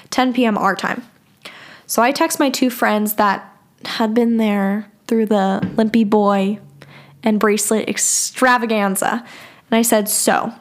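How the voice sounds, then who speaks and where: Frank, profane young woman telling a story. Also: on the high side. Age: young adult. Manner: candid, profane and exasperated. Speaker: podcast host. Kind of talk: personal storytelling, reading out old texts.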